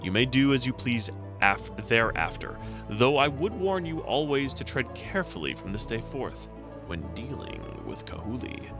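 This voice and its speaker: A man's voice: mid-range voice, very animated, moderate pace, music in the background, pitched above the performer's own voice, lightly acted. A man reading the lines of a stern older male temple lector from a retro game, speaking in solemn, formal pronouncements. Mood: grave.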